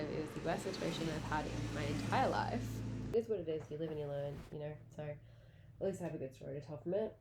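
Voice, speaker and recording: A woman in her late twenties hosts a casual podcast on her own. Her voice sits a little low and sounds mellow and warm. She tells her stories in a loose, chatty way and swears freely. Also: slight background noise. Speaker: podcast host. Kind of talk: casual solo podcast chat.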